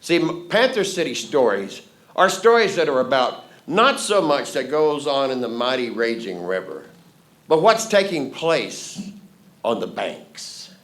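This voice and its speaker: A man's voice: mid-range voice, big pitch swings, unhurried, fairly bright tone. A man from Fort Worth, telling folksy, playful stories to a live theatre audience. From Fort Worth, Texas. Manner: folksy, playful, leads audience call-and-response. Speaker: storyteller host. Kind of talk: live stage storytelling.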